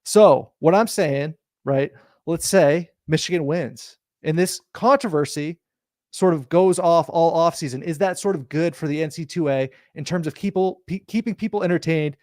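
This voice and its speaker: A man's voice: fairly high pitch, moderate pace, a little mellow, no echo, studio quality. A man hosting a sports talk show, pressing his point insistently and building long analogies in casual debate.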